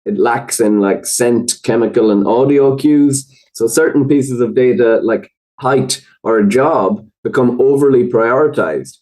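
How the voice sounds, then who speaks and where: A man with an Irish accent, a podcast guest explaining research in a thoughtful, measured way with frequent fillers. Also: mid-range voice, a little mellow, rough recording. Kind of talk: conversational explanation.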